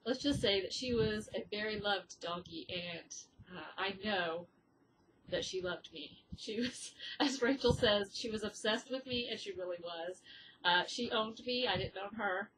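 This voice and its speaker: A woman's voice: medium pitch, unhurried, fairly bright tone, slight background noise, rough recording. Chatty woman podcast host. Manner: chatty, with frequent ums and uhs. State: teary, grieving. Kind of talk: casual chat.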